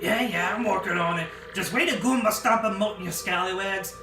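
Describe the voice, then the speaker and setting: A player doing a gruff grumbling sailor. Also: mid-range voice, brisk, echoey room, recorded from a distance, over music, close to an everyday voice. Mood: cheeky. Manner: salty sailor talk, grumbling. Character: rough male sailor deckhand, gruff and put-upon. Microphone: phone.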